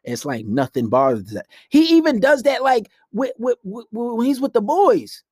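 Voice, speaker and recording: A man's voice: very high voice, very animated, moderate pace, a little mellow, slightly rough, no echo. Profane young man ranting, close and dry. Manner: profane, rambling, blunt. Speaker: podcast host. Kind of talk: casual dating-advice rant. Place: home room at night. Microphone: laptop.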